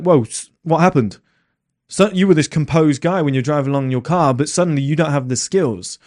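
A man's voice: medium pitch, a little mellow. A man talking bluntly to his audience in a casual monologue, asking plenty of rhetorical questions.

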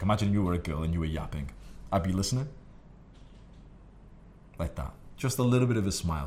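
Deep-voiced brash man giving dating advice. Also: darkish tone, slight background noise. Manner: brash and profane, with many fillers. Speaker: dating coach. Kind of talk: casual advice monologue.

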